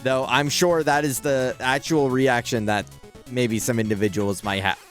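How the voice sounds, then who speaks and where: A man's voice: medium pitch, fairly even intonation, normal speed, soft background music. A man streaming a video game, chatting casually and animatedly, swearing freely and laughing often. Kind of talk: casual live-stream chat.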